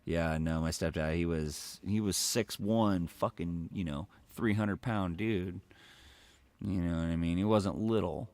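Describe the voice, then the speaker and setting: Deep gravelly man, rambling and profane. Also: unhurried, a little mellow, dry recording. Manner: profane, rambling, heavy filler words. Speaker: livestreamer. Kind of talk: casual storytelling on a live stream.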